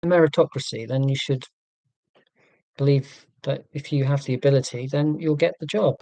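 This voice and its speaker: A man's voice: medium pitch, steady tone, normal speed, warm tone, no room sound. A man from England hosting a live stream, chatting in a rambling, self-deprecating, joking way. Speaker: livestream host.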